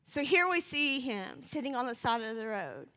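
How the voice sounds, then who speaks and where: A woman preaching, her voice bright and forceful. She talks fast and builds to passionate appeals. Her words ring with a long reverb in a church hall. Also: on the high side, animated. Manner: fast-talking, rising to passionate calls. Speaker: church speaker. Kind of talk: sermon with scripture reading.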